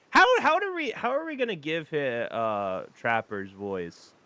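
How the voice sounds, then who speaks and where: A man streaming a dating game, reading it aloud with animated, laughing, rambling asides. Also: fairly high pitch, slow pace, dry recording. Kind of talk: casual gameplay commentary.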